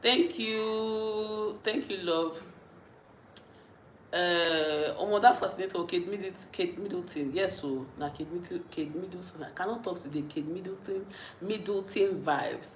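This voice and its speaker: A young Nigerian woman with a Nigerian accent, chatting casually on a livestream, reading out comments and rambling with frequent giggles and restarts, a little tipsy and mellow. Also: lowish voice, a little slow, echoey room, a little hiss or hum, rough recording. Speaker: vlogger.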